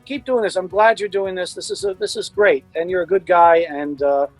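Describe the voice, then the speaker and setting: A man's voice: high-pitched, wildly swooping pitch, normal speed, gravelly, no room sound, faint music behind, poor audio. A man being interviewed as a guest, talking in a playful, jokey way and often repeating words. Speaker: voice actor guest. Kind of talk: casual interview chat.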